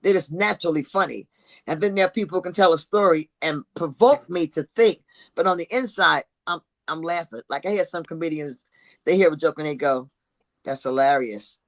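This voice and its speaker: A woman hosting a casual chat show, blunt and animated, who calls herself an old-school lady and talks. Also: on the low side, a little fast, no echo. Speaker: host.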